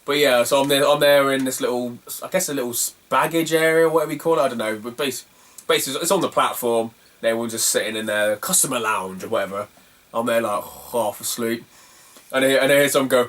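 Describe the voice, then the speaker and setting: Man, casual self-mocking storyteller, mid pitch, voice slightly distant. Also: quick pace, a bit bright. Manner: rambling, self-mocking, laughs at his own stories. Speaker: retro game collector vlogger.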